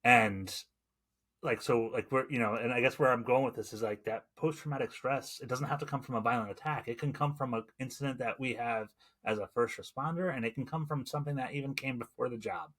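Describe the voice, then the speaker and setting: In his forties, this former EMT hosts a casual podcast conversation, rambling along with plenty of fillers and restarts. His mid-range voice is brisk and slightly bright, with a breathy edge.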